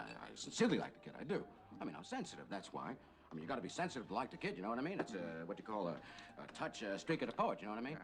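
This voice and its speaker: An actor playing a brash, fast-talking Hollywood agent in a 1960s film, all animated, wheedling patter. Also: male voice, mid-range voice. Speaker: talent agent.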